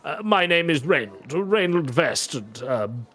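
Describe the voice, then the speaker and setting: A man voicing a nervous, fussy male servant who stammers and speaks softly. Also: on the high side, sing-song, a little slow, heavily acted. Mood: relieved fluster. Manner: stammering, breathless, quiet.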